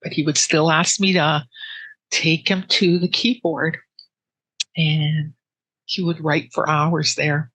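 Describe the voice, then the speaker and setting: A woman telling her personal grief story in an interview, with earnest, halting speech full of restarts that sits close to tears. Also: low voice, little pitch movement, no room sound, rough recording. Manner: soft and emotional, close to tears.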